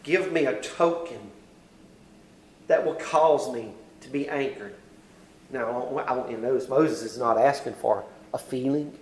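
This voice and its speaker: A male preacher giving a sermon. He recites King James scripture and moves between hushed, quiet passages and loud, pleading ones. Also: mid-range voice, measured pace, roomy sound, slight background noise, low-quality recording. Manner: swings from hushed near-whispers to loud impassioned pleading.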